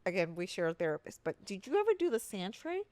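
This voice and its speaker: A woman co-hosting a casual podcast, telling a personal story in a loose, rambling way full of fillers and restarts. Her voice sits at a middling pitch. The recording is dry and close, with no room sound. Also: big pitch swings, fast, darkish tone, dry recording. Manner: jumps much higher when quoting her therapist, laughing and near tears. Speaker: podcast co-host. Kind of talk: casual chat.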